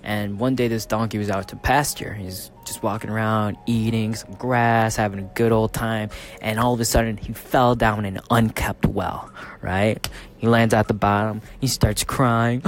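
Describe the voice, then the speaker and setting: A man's voice: on the low side, fairly even intonation, measured pace, faint music behind. A man founder of a fitness training company, telling a motivational story casually and tagging sentences with "right?". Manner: casual, punctuates sentences with "right?", laughs often.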